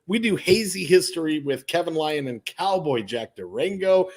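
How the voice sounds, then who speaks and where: A man's voice: on the high side, lively intonation, normal speed, few pauses. A man co-hosting a casual podcast, joking with friends and speaking earnestly to listeners. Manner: joking, then heartfelt and earnest. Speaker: podcast co-host.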